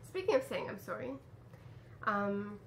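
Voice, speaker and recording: A woman's voice: medium pitch, big pitch swings, unhurried, vocal fry, slight background noise. A woman from Canada hosting a knitting podcast, chatting casually at home with fillers and restarts. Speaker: podcast host. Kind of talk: casual chat. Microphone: camera mic.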